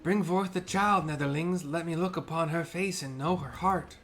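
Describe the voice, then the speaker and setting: A man doing a mystical bird-man healer from a video game, chanting in a raised, ceremonial voice that rides high above his own speech. The tone stays solemn and grand, with faint music underneath. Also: normal speed, a bit bright.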